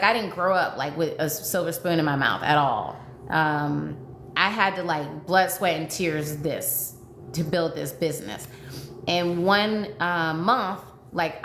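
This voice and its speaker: A woman's voice: lowish voice, a bit bright. A woman dating coach talking live with her viewers, emotional and repeating herself as she pleads and reassures. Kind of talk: livestream chat with viewers. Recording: echoey room with faint noise.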